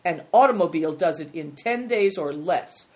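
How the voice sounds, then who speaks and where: Big Tiger, a steady, earnest boy, as a woman reads him. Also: fairly low pitch, moderate pace, lightly acted. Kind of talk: storybook read-aloud.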